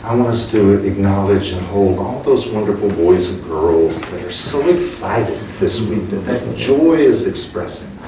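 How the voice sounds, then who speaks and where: A man leading a church service, telling a story slowly and chuckling as he preaches. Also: lowish voice, lively intonation. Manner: slow, warm storytelling with chuckles. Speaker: minister. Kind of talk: sermon. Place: church sanctuary. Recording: echoey hall, distant mic, faint hum.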